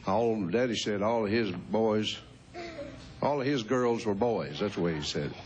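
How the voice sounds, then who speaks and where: A man in his fifties hosts a show and chats casually with children, teasing them in a folksy way and chuckling often. His voice is on the low side with a darkish tone, and he talks at a moderate pace. The highs in the audio are cut off.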